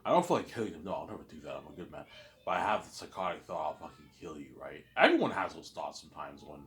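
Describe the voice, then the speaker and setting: A man talking in a casual, rambling monologue, halting and repeating himself often. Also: low voice, very animated, fairly bright tone. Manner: repetitive, halting, many restarts. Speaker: vlogger.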